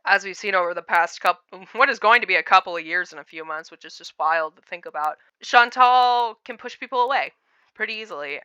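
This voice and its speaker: Bright, crisp-voiced woman doing blunt commentary. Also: medium pitch, dry recording. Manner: blunt, sarcastic, frequent filler words. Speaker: commentary YouTuber. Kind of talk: casual reaction commentary.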